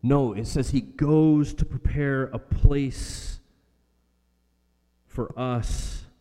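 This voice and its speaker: A man preaching a sermon earnestly, repeating phrases for emphasis and slowing down on key lines. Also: mid-range voice, dark tone. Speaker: pastor. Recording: long hall reverb.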